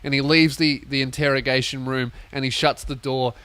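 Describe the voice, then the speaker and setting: A young man hosting a comedy podcast, telling a story as a sweary, animated rant. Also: mid-range voice, normal speed, clean tone, no echo. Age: young adult. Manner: swearing, animated, acts out voices.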